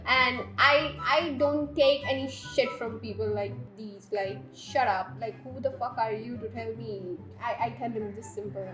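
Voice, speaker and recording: A woman's voice: a little high, a little slow, a bit bright. A young woman, telling a storytime while doing her makeup, exasperated and laughing as she swears and rants. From India. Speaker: beauty vlogger. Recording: echoey room with faint background music.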